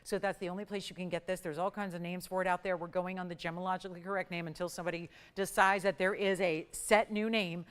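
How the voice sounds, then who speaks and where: A woman hosting a live jewelry shopping show, pitching pieces and counting prices down in an upbeat sales patter. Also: steady tone, quick pace, hardly any pauses, clear, resonant tone. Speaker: shopping channel host. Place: TV studio.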